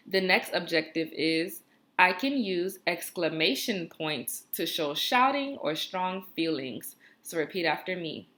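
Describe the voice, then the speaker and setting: A woman teaches first graders in a recorded video lesson, speaking slowly, clearly and encouragingly, and stretching out repeat-after-me phrases. Her fairly low voice is expressive, pushed and bright.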